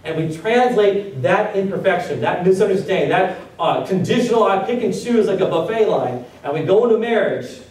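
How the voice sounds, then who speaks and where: A man's voice: high-pitched, animated, moderate pace, few pauses, a little mellow. A man preaching a sermon as pastor, firing off rhetorical questions at his congregation. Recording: very echoey room, voice from a distance.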